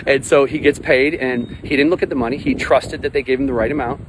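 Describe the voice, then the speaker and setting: A life coach in his forties talks to the camera outdoors by a pond, giving a motivational vlog monologue that's blunt, emphatic, repetitive and sprinkled with swearing. He talks fast in a mid-range voice with fairly even intonation. Traffic noise is audible outside.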